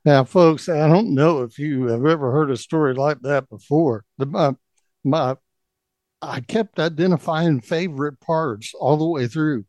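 A man's voice: on the high side, unhurried, a little mellow, dry recording. A man hosting a storytelling show, talking in a folksy, amused way. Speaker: host. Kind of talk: casual chat.

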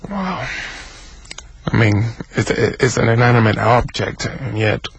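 A man co-hosting a talk show, reacting slowly and haltingly in conversation. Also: on the low side, little pitch movement, gravelly, highs cut off, a little hiss or hum. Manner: slow, halting, thoughtful.

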